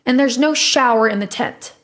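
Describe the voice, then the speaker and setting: Woman, high voice, streamer, casual storytelling, swears a lot, laughs often. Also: moderate pace. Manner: profane, rambling, laughing.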